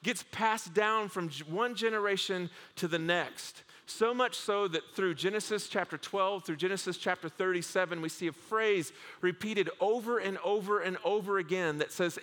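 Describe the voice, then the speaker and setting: A man preaching a sermon to a congregation, telling the stories with humor and lively asides. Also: sits high, normal speed, hardly any pauses. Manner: humorous, animated storytelling with acted asides. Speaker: pastor. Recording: long hall reverb.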